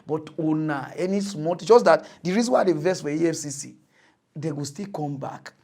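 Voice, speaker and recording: A man speaking Nigerian Pidgin English, hosting a satirical mock news show in an animated rant that swings from mutters to loud outbursts. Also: a little high, fairly quick. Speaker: comedy news host.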